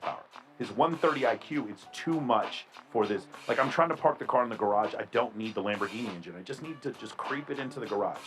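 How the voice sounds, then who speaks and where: A man talks quickly and eagerly, working through his point with everyday analogies. His pitch sits in an ordinary middle range, and faint music plays under him. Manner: quick, self-explaining, uses analogies. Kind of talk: casual talk.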